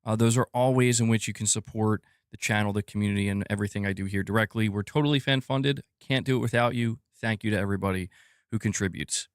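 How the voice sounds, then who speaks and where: Smooth, fairly low, and quick-paced, the podcast host's voice comes through a dry, clean studio recording. He hosts a gaming news live stream in an animated way, chatting casually, speaking to chat, and reading viewer comments aloud.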